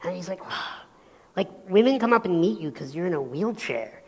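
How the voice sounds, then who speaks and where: A male motivational speaker giving an animated keynote, telling stories and acting out voices in a large hall. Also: sits high, normal speed, husky. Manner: animated storytelling, acts out voices. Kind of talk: keynote talk on stage. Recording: long hall reverb.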